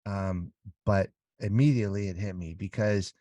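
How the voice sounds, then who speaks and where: A man with a low, deep voice and a warm, mellow tone speaks candidly as an interview guest. He talks in halting bursts full of restarts and grows animated as he tells his story. The sound is close and dry, with no room around it. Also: dry recording, dull audio. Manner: halting, many restarts, animated when recounting.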